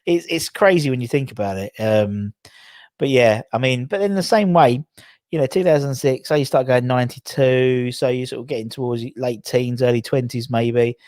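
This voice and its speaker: A man's voice: mid-range voice, normal speed, a little mellow, no echo. Guy hosting a football chat, rambly storyteller, lots of ums, dead dry mic. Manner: chatty, rambling storyteller with frequent fillers and restarts. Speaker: podcast host.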